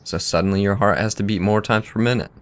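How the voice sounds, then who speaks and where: A man with a lowish voice co-hosts a casual coaching podcast. He explains things step by step and drops in dry jokes along the way. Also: fast talker. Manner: dry joking asides between plain explanations. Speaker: podcast co-host.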